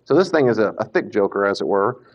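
A man teaching a Bible class in a casual lecture style, animated and self-correcting, now and then acting out the speakers he quotes. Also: lowish voice, quick pace. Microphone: Bluetooth mic that cuts out. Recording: dull lo-fi lecture recording.

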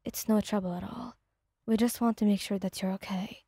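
A woman reading the part of a cheerful, caring young man who speaks softly and reassuringly. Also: medium pitch, steady tone, fairly quick, husky, no echo, clean studio sound. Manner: soft, reassuring. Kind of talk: fanfic audio reading.

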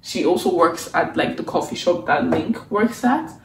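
A woman's voice: on the low side, expressive, normal speed, background noise. A young woman recapping a webtoon in a casual, chatty way, sarcastic and exasperated, saying "like" a lot. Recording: roomy sound from a distance.

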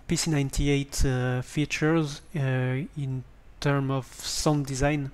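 A man with a French accent giving a hesitant spoken tutorial on a basic microphone, pausing often with ums and restarts. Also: mid-range voice, darkish tone, clean tone. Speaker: tutorial presenter.

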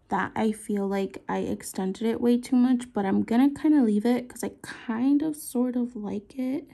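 Slow, husky young woman narrating her work. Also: medium pitch. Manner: slow, soft-spoken, often trailing into whispers while concentrating. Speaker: nail artist vlogger. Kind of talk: casual work-along narration.

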